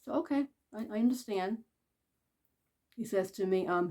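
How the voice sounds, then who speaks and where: A woman telling a personal story in a casual, conversational way. She goes high when quoting people and soft and quiet at the sad parts. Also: moderate pace, pauses often. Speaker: vlogger.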